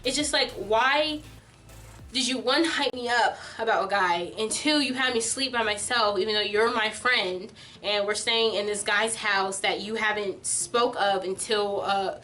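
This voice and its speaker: A young adult woman vlogger telling a storytime tale in an animated, filler-heavy way. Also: mid-range voice, measured pace, recorded from a distance. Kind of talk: storytime vlog.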